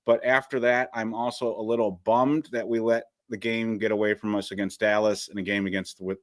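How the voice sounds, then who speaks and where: A man's voice: on the low side, flat delivery, fairly quick, no room sound. A man co-hosting a casual sports podcast, joking wryly and poking fun at himself. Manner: wry, joking, self-deprecating. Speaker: senior editor, co-host.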